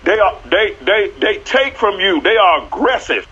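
A man talking like a preacher on a church talk show, animated and repeating his words as he builds up. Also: high-pitched, normal speed, slightly rough, muffled recording.

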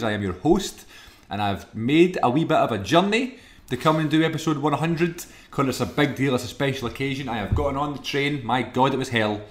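A man hosts a podcast in an easygoing, teasing way. His pitch swings up and down as he talks, full of playful energy. He sounds like he is chatting with a friend in a flat. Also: roomy sound. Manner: animated, jokey, playful teasing. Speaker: podcast host. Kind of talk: casual chat. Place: co-host's flat.

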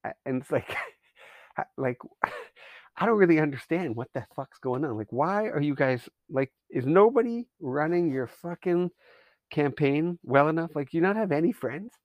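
A man's voice: fairly high pitch, animated, normal speed, no echo, muffled recording. A man from Canada hosting a podcast, ranting with heavy swearing and sarcasm in a rambling monologue.

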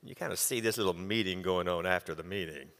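Bright-voiced man preaching a sermon, hall echo. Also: deep voice, quick pace. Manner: animated, reads scripture and acts out quotes. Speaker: pastor. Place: church.

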